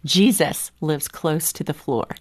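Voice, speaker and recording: Lively middle-aged woman telling faith stories. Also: sits low, measured pace, slightly rough. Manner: animated, laughs often, acts out quoted lines. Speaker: guest. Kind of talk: faith-based storytelling in conversation.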